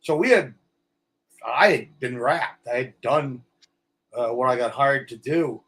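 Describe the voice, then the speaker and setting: A middle-aged man, an actor guest telling stories in a casual interview, blunt and animated. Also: mid-range voice, measured pace.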